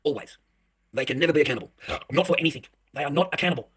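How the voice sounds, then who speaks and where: A husky-voiced man vents to his viewers at a rapid clip, his speech a touch higher than most men's. He swears freely and sounds heated and agitated. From Australia. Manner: talks straight to the viewer. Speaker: vlogger. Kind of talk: direct-to-camera rant.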